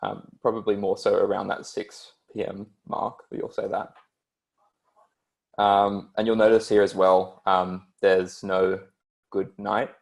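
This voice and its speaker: A young man teaching beginner German over a computer mic, pausing often with ums as he explains. His voice sits very low and gravelly. He speaks in an even, flat tone. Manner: hesitant, many ums, explanatory. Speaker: German language tutor. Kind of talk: online beginner language lesson.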